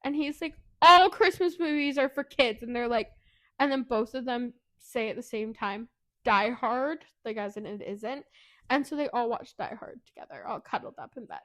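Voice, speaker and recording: Giggly woman recapping a book. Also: brisk. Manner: animated, giggly retelling, acting out characters' lines in a higher voice. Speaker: podcast co-host. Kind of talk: casual book recap chat.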